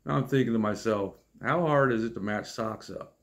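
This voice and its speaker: A man in his fifties telling funny stories about his friends in a casual, exasperated, deadpan way, with wry asides. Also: on the low side, moderate pace. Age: 50s. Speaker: storyteller vlogger. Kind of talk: casual comic storytelling.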